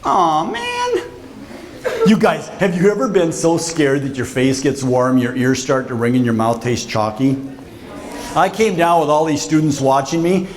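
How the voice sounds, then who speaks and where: Animated man telling a story to students. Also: medium pitch, normal speed. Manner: dramatic, acts out voices, laughs often. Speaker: visiting author speaking to students. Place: school auditorium.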